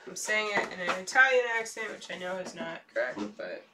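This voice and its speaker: A young woman streaming herself unpacking board games in casual chat, excitable and prone to trailing off mid-sentence. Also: on the low side, brisk, distant mic, background noise.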